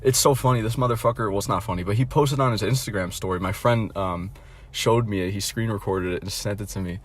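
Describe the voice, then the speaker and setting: A man's voice: fairly low pitch, fast talker, husky. A young adult man telling a casual storytime rant, blunt and mocking, rambling with lots of fillers and restarts and frequent swearing. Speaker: vlogger.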